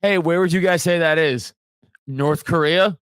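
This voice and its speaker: A man's voice: fairly high pitch, moderate pace, fairly bright tone, clear, resonant tone, no room sound, clean studio sound. A man co-hosting a podcast in casual chat, swearing, laughing and rambling, sleepy from a long night. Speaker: podcast co-host.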